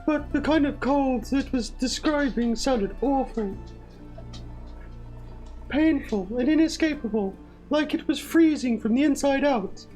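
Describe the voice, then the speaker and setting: A soft-spoken, big male himbo from the Highlands, played by a woman tells his story in a gentle, mournful way in a video game. The voice sits fairly high. Faint music plays underneath. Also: measured pace, poor audio. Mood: sorrowful.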